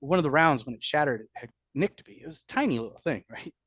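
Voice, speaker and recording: A man's voice: fairly high pitch, lively intonation, quick pace, a bit bright, breathy edge, no echo. A middle-aged man, a combat veteran, telling his war memories in an interview, blunt and profane, with many restarts. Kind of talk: candid storytelling interview.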